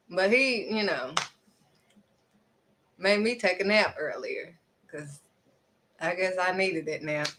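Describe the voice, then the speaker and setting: A woman's voice: medium pitch, a bit bright, slight background noise. A woman speaking earnestly and conversationally, giving spiritual encouragement with dramatic little asides. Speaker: faith vlogger.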